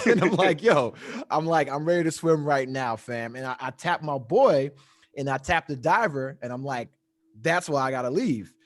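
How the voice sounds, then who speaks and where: A man with a fairly high voice tells a long story in loose, casual chat. He is animated and profane and keeps laughing at his own tale. The sound is dry and close, with no room echo. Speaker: podcast storyteller.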